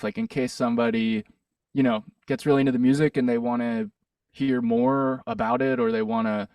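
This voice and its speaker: Man, gravelly, lively pitch, hesitant rambling chat, heard from a distance. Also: dry recording. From Pittsburgh, USA. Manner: rambling, hesitant, with many fillers and restarts. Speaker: musician guest. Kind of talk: casual interview chat.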